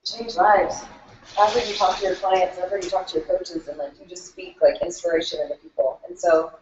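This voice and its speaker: A woman's voice: on the low side, fairly even intonation, brisk, darkish tone, a little hiss or hum. A woman coach sharing a client story in a group, emotional and chatty, saying "like" constantly. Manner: chatty, says "like" a lot. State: emotional, near tears. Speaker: fitness coach. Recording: distant mic in an echoey room, dull.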